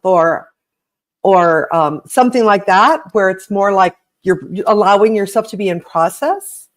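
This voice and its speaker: A woman's voice: mid-range voice, animated, unhurried. A woman co-hosting a podcast, talking conversationally and affirming her guest's ideas. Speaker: podcast co-host.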